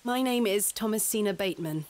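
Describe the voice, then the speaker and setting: A woman's voice: medium pitch, lively intonation, a little fast, a little mellow, natural voice. An actress playing a prim, persistent young lady in a narrative game, with an inquisitive manner. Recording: background noise audible.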